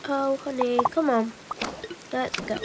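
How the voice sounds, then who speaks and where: A woman's voice: high-pitched, fairly even intonation, slow pace. Playful girl voicing a doll-game family. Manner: playful, switches between character voices. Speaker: roleplay video maker. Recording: rain noise behind.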